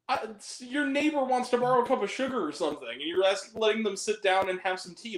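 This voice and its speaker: A man's voice: high-pitched, quick pace, hardly any pauses. Guy ranting about a bad movie on a podcast, swears a lot, laughs a lot, voice jumps all over, roomy sound. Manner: animated, swears freely, laughs often. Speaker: podcast guest. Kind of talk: casual film review chat. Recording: roomy echo.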